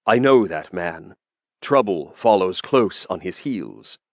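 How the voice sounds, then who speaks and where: A man voicing a dangerous male elf who speaks pleasantly, low and weary. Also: lively intonation, slow, dry recording, lo-fi sound, full character voice. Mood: cool. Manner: pleasant but menacing, low-voiced.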